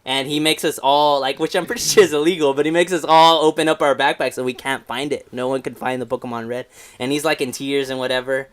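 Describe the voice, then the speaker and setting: A man's voice: medium pitch, fairly even intonation, quick pace. A man in his twenties rambling through stories in casual podcast chat, full of restarts and fillers, swearing freely. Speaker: podcast co-host.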